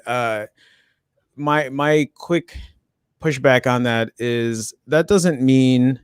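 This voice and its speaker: A man co-hosting a casual live tech chat, with a deep morning voice and a rambling way of talking full of restarts and fillers. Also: drawn-out words, clear, resonant tone, no echo, clean studio sound. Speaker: co-host.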